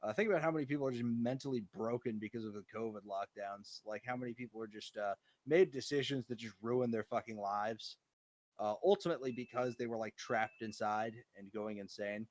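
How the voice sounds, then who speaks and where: A man's voice: medium pitch, brisk, no echo. A young man co-hosting a casual chat, telling rambling, profane stories with a lot of animation. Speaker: co-host.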